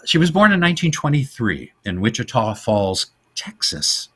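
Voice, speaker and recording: A man co-hosting a podcast in casual chat, telling film history stories in an animated way. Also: mid-range voice, normal speed, breathy edge. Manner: animated storytelling, trivia-laden. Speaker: podcast co-host.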